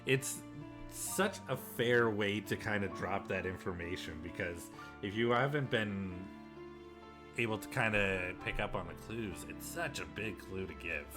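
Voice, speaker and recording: A man's voice: fairly low pitch, a little slow, music in the background. A man streaming a game live, reacting emotionally and laughing often as he comments on the story. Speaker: let's play streamer.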